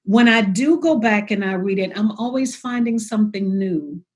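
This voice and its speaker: A woman's voice: mid-range voice, animated, normal speed, darkish tone. Woman poet telling stories about her writing. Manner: storytelling, acts out her inner voice in quotes. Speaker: poet guest. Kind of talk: reflective conversational interview.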